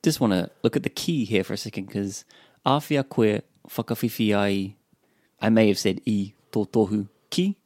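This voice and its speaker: A New man works through a language lesson in a low voice. He hesitates and corrects himself as he goes. The recording is dry and close. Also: lively intonation, fairly quick, hardly any pauses, darkish tone, dry recording. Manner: hesitant, self-correcting, thinking aloud. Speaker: language learner co-host.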